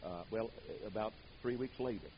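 An older man preaching a sermon, telling stories dramatically, booming out some words and dropping others to a hush. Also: normal speed, dull audio, slight background noise. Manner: dramatic storytelling, swings from booming to hushed.

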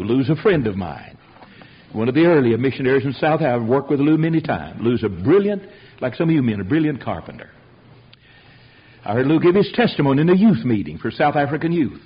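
Male preacher, high and very lively delivery, storyteller with asides, dull lo-fi recording. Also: slightly rough. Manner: animated storytelling with rhetorical asides. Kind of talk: sermon.

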